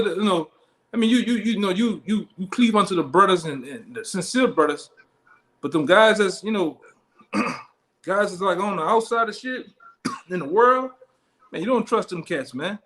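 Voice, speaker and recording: Male Bible teacher, higher voice, streetwise and profane, keeps checking in with listeners. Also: a bit bright. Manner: blunt and profane, punctuates lines with "man" and "all right?". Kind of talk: street-style scripture teaching.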